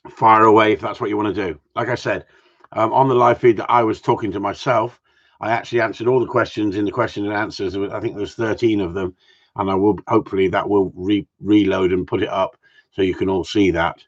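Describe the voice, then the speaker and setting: A man with a lowish voice and fairly even intonation talks quickly, hosting a casual live stream for his followers. He's chatty and jokey, greeting viewers by name, and the audio is dull lo-fi stream sound.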